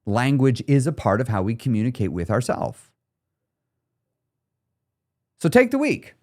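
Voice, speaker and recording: A man hosting his own weight loss podcast speaks a little slowly in a medium-pitched voice. He talks right to the listener, coaching with animated energy while staying laid-back, slangy and frank.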